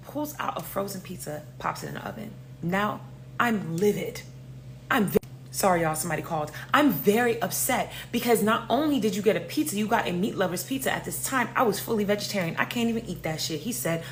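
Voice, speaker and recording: A woman from New tells a personal storytime in a lively, dramatic way, cursing freely. Her voice sits in a middle pitch. A faint hum runs under the recording. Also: a little fast. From New York. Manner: animated, profane, dramatic storytelling. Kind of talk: casual storytime.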